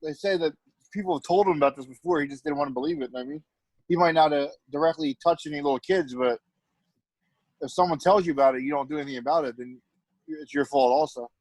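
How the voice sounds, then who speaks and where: Give me a quick-talking man on a casual sports podcast, slightly high voice, stumbling over his words. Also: expressive, a little mellow, dry recording, low-quality recording. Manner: fast storytelling with many "like" fillers and restarts. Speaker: podcast co-host. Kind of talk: casual chat.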